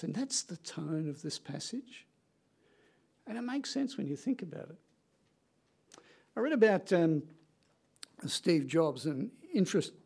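Gravelly-voiced male preacher. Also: fairly high pitch, a little mellow. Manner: earnest, conversational preaching with dramatic pauses. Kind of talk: sermon.

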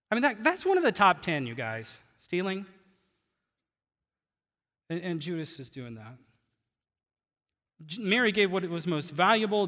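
A man preaching in a high, bright voice, animated and conversational, with easy laughs between points. His sermon rings out with a long echo in a church hall. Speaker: pastor.

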